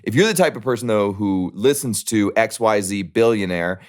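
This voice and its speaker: A man arguing emphatically in a heated casual debate, profane and animated, jumping up in pitch to mimic others. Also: normal speed. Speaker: guest.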